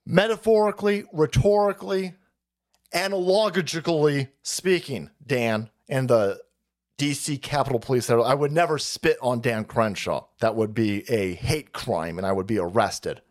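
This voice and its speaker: A man hosting a political livestream, ranting in a foul-mouthed, sarcastic way with shouted outbursts. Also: mid-range voice, measured pace. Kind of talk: profane political rant.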